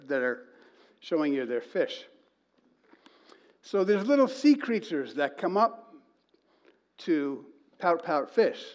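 A man preaching to a congregation, telling a story in an animated way and reading quoted lines in a slow sing-song. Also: on the high side, dull audio. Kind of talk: sermon.

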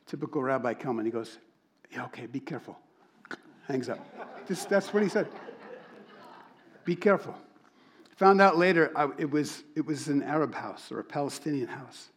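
Animated storytelling preacher, a man. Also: fairly high pitch, brisk. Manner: animated storyteller, acts out quoted voices. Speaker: pastor. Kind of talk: sermon storytelling.

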